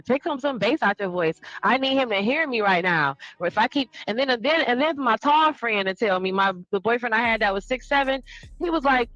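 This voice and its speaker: A woman in a casual live-stream chat, an animated storyteller who acts out the voices of the people she quotes. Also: on the high side, brisk, no room sound, lo-fi sound, soft background music.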